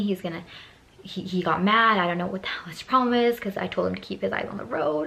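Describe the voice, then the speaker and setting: A woman in her twenties telling a personal story on her vlog, animated, swearing freely and acting out both sides of the conversation. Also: fairly low pitch, brisk, creaky, slight background noise. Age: 20s. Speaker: beauty vlogger.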